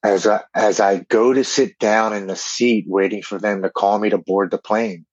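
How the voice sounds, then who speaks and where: A man, a podcast guest, telling an emotional recovery story in an earnest, halting way with repeated words. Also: lowish voice, fairly even intonation, no echo. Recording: dull, dry remote recording.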